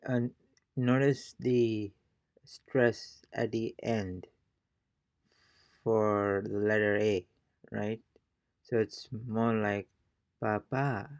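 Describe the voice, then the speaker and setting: A man's voice: on the low side, level tone, drawn-out words, long pauses, smooth, no room sound, studio quality. A man teaching a casual language lesson as a fellow learner, hesitant and thinking aloud with many fillers. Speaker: self-taught Spanish learner teaching a lesson.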